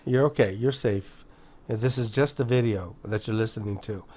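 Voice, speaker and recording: A man speaking in a casual monologue to his viewers, halting and often restarting or repeating words, calling his listeners "guys". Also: fairly low pitch, a little mellow, slight background noise. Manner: addresses listeners directly as guys. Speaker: video presenter.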